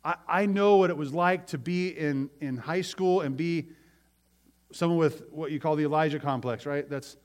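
Speaking at a normal speed in a voice that's a little high, the pastor delivers a lively sermon. He retells the scripture story for the congregation and performs each character's lines himself.

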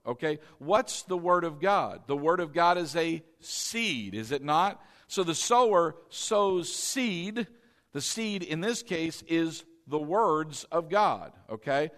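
A man's voice: on the high side, fairly bright tone. A man preaching a sermon to his congregation as their pastor, repeating key words and firing questions back at the room. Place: church sanctuary with congregation. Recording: long reverb of a large church hall.

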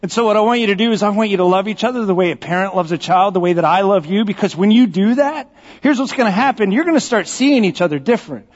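A man's voice: sits high, fast talker. A man preaching a conversational sermon, joking and telling stories straight to the congregation. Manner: joking, folksy, speaks directly to the congregation. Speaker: pastor. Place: church sanctuary. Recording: dull recording with long church reverb.

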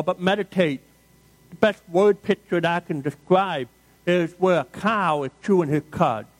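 A middle-aged male pastor delivering a sermon with a slightly higher than usual voice. He talks to the congregation in a loose, joking, story-driven way, with plenty of asides and questions to the room. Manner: conversational, humorous storytelling with audience asides.

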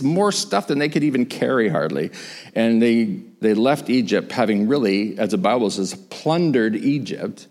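A man preaching a sermon, retelling a story and acting out the voices of the people in it. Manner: animated, acts out quoted voices with big pitch swings.

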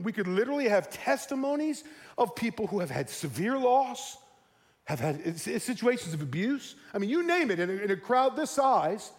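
A man in his forties preaching a sermon to his congregation, who acts out the voices he quotes. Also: high voice. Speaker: pastor. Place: church sanctuary. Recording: reverberant church hall.

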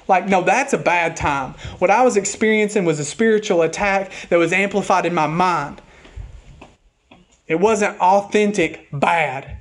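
A man preaching a sermon as pastor, speaking earnestly and openly about a hard week, at times reading hymn lines slowly and softly. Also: sits high.

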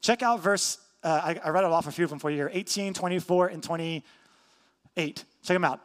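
High-voiced pastor preaching in a reverberant hall. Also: male voice, normal speed. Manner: emphatic, repetitive teaching with rhetorical questions. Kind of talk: sermon.

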